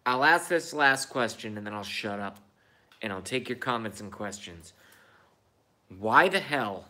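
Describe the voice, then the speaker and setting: A man's voice: fairly low pitch, expressive, a little slow, pushed and bright. A man in his thirties ranting in a profane, repetitive and indignant monologue. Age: 30s. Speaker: vlogger.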